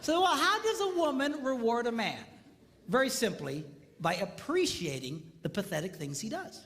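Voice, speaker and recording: This middle-aged man, speaking at normal speed in a very high voice, is running a comedic marriage seminar for a live crowd. Mid-story he slips into voices and sound effects with lively energy, and the echoing hall carries a faint hiss.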